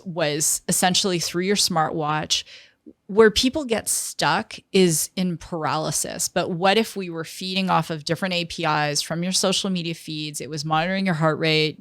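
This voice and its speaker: A woman in her fifties, a guest in an interview, telling a lively story and acting out what others said. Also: sits low, no room sound, clean studio sound. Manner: lively storyteller who acts out quoted dialogue. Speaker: interview guest, tech entrepreneur.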